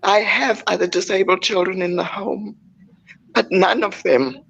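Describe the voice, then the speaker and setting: A woman's voice: medium pitch, steady tone, creaky, a bit bright, breathy edge, muffled recording. Older woman, heartfelt storyteller. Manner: measured, heartfelt, pausing often. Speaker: guest. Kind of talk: personal storytelling in an interview.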